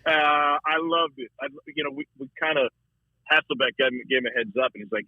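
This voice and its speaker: Man, husky voice, tinny dry phone line, animated sports talk. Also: fairly quick, no room sound. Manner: animated, repeats words, shifts pitch a lot. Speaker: college football broadcaster, guest.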